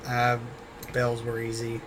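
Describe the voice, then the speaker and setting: A man's voice: mid-range voice, monotone, normal speed, fairly bright tone, slight background noise. A man telling a casual story about a former job, rambling and swearing often, repeating himself as he goes. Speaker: former store worker.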